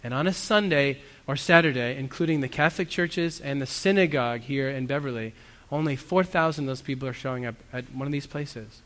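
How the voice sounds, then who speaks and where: Here a pastor preaches in a mid-range, fairly bright voice, moving a little fast. He's sincere and conversational, with self-deprecating asides, and the church hall adds a long reverb to the recording.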